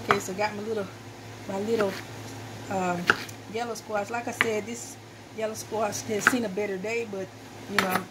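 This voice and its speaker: A woman's voice: mid-range voice, heavy background noise. A woman chatting casually to her viewers while she chops vegetables in her home kitchen, folksy and talkative. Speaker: cooking vlogger. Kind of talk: casual cooking demo talk. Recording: loud knife chopping and kitchen clatter.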